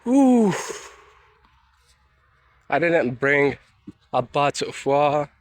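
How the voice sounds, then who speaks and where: A young man from Morocco chatting casually while walking through a forest on a rainy day, halting and searching for words in English. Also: on the high side, no room sound. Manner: soft, unhurried talk while walking. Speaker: nature vlogger. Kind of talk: casual walking vlog chat.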